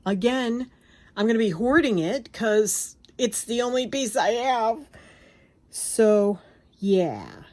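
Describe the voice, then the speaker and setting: A woman vlogger showing off craft papers and fabrics in a gushing, excitable, casual chat, often trailing off and restarting. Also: on the high side, slow, dry recording. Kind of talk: casual show-and-tell chat.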